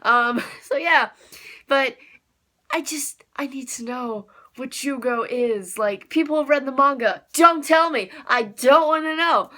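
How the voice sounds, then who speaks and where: A woman's voice: fairly high pitch, bright, forceful tone. A young woman giving a casual anime episode review, gushing and giggly, with frequent laughs and fillers.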